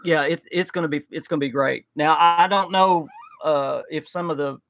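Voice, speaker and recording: Gravelly man, eager rambling chat. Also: fairly high pitch, steady tone, moderate pace, fairly bright tone, no echo. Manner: enthusiastic, rambling with restarts. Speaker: livestream co-host. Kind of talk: casual live reaction chat.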